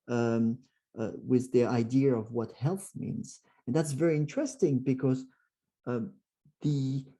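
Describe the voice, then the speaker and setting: This French guest speaker has a medium-pitched voice with a breathy edge. Addressing a club, he fills pauses, starts sentences over, and performs quoted lines with lively character voices.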